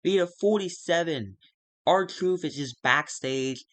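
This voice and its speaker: A young man casually recapping a wrestling management game, narrating the matches and now and then putting on quick voices for the wrestlers. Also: a bit bright, no room sound. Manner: recaps matches and briefly acts out wrestlers' lines in quick, squeaky outbursts. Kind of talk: casual let's-play narration.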